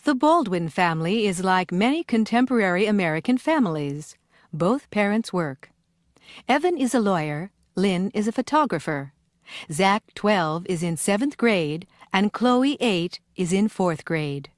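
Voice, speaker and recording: Woman reading textbook intro, clear, lively pitch, dry close sound. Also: a little slow, no room sound. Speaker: lesson narrator. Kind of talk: scripted instructional narration.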